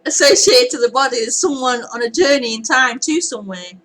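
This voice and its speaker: A woman spiritual teacher answering a question in a live group talk, musing and halting. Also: sits high, a bit bright, low-quality recording.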